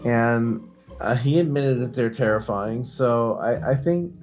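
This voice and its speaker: A man's voice: mid-range voice, unhurried, a little mellow, faint music behind. A man co-hosting a podcast in casual chat, sarcastic and profane in a dry way. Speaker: podcast co-host.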